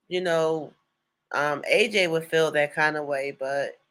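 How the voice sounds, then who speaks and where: A man's voice: high voice, pushed and bright. A man chatting on a livestream, slangy and affirming, full of mm-hmms. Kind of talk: casual chat.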